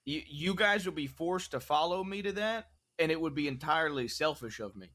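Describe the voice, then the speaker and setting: A man talking in character during a western roleplay, argumentative and teasing. His pitch rises and falls in a lively way as he makes his case. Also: brisk.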